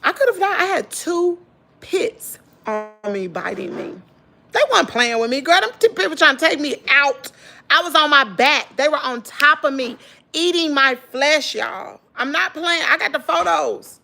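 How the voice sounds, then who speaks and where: A woman's voice: high-pitched, moderate pace, vocal fry. A middle-aged woman with a Mississippi Southern accent tells her viewers an emotional personal story, emphatic and direct. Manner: animated, emphatic, addresses listeners as girl and y'all. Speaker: vlogger.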